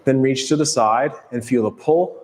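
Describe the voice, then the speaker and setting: Guy calmly counting thru barre exercises, echoey studio sound. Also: medium pitch, normal speed. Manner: calm, steady cueing with counts. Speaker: fitness instructor. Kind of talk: follow-along workout cueing.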